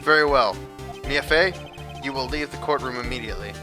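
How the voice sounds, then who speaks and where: A man's voice: mid-range voice, brisk, music in the background, close to an everyday voice. A man voicing an older male courtroom judge, reading game lines in a hesitant, formal way.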